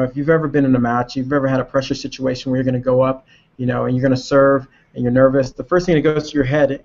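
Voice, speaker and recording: A man with a gravelly, creaky voice talks through tennis drills like a coach in a casual webinar, pausing now and then to find his words. The sound is muffled and lo-fi, as webinar audio often is. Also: medium pitch, a little mellow.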